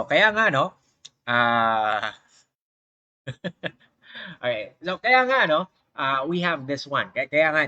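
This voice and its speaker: A man's voice: medium pitch, pushed and bright, no room sound. A man with a Filipino accent teaching an engineering class, explaining step by step, switching languages and repeating key terms. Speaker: engineering lecturer. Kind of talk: online lecture.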